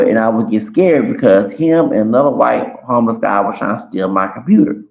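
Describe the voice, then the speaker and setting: Man, rambling profane storytelling, gravelly, muffled dull audio, roomy echo. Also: mid-range voice, expressive, unhurried, darkish tone. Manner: profane, rambling, addresses viewers as y'all. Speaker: streamer. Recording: echoey room, dull lo-fi sound.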